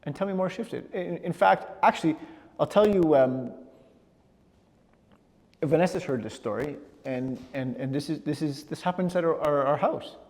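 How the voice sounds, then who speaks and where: A middle-aged man giving a personal storytelling talk, animated, often repeating words as he gathers his thoughts. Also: a little high, moderate pace. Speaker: speaker. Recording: long hall reverb.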